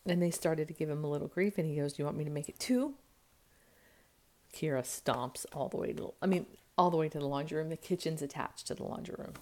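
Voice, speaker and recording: Chatty mom with a low, mellow voice. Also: female voice, steady tone, quick pace, few pauses. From United States. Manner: rambling storytelling, acts out quotes with jumps in pitch and loudness. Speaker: vlogger and mother. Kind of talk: casual chat to camera. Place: at home, indoors. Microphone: camera mic.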